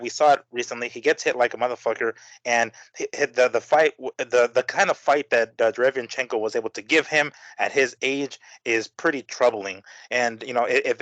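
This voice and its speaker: A man's voice: medium pitch, fairly bright tone, dry recording. A man co-hosting a boxing podcast, chatting casually and rambling with lots of fillers, restarts and the odd swear word. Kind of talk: casual chat. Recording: dry, slightly dull audio.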